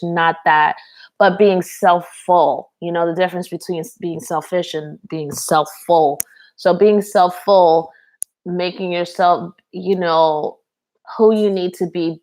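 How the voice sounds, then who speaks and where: Slow, low-voiced woman reading tarot. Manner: chatty, rambling, addresses live chat viewers. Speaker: tarot reader. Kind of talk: casual live tarot reading.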